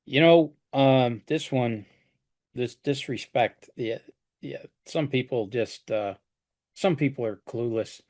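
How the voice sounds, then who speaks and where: A flooring contractor tells stories from his jobs in a relaxed chat, often starting his sentences over. His voice is mid-range and a little mellow, and he speaks slowly.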